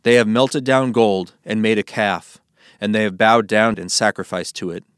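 A man's voice: lowish voice, fairly even intonation, normal speed, a bit bright, clear, resonant tone, no echo, studio quality, lightly acted. A man voicing God as a stern, wrathful divine figure in a solemn Bible reading.

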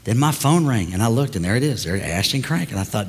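An older man, a pastor, telling stories in a sermon, moving from quiet asides to loud preaching. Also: lowish voice, animated, fast, husky, big-room sound. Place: large church hall.

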